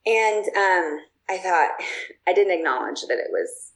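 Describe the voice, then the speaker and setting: A woman's voice: lowish voice, expressive, measured pace, rough recording. A woman guest telling personal stories in a casual, chatty way, with plenty of fillers and restarts. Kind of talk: casual storytelling.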